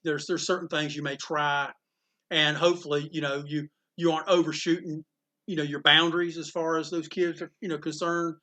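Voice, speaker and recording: A man, a comic shop owner, telling animated stories in a casual interview and acting out the voices of people in them. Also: on the high side, brisk. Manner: animated storyteller, acts out quotes, laughs often.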